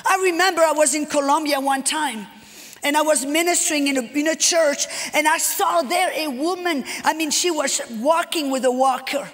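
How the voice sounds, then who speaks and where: A high-pitched woman delivers a sermon, retelling personal stories with animated energy and acting out the conversations. Her voice rings with long reverb in a large church hall. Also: moderate pace. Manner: animated, acts out dialogue, repeats phrases. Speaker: guest speaker.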